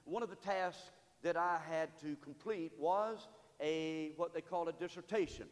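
Preacher guy, kinda high voice, long church echo, gets loud and fired up. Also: measured pace. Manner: call-and-response preaching, rising to loud exhortation. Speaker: pastor. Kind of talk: sermon. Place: church sanctuary.

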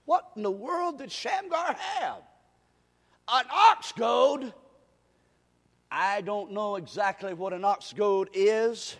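A male pastor preaching a revival sermon, swinging between quiet asides and shouted exhortation in a church sanctuary. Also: high voice, animated, slow pace, long pauses. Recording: long reverb of a church hall.

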